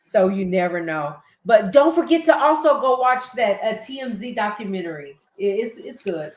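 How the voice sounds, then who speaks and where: An older woman with a Southern US accent, hosting a casual late-night live-stream chat, excitable and quick to laugh. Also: mid-range voice, roomy sound, low-quality recording. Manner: chatty, excitable, laughs easily. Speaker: livestream host.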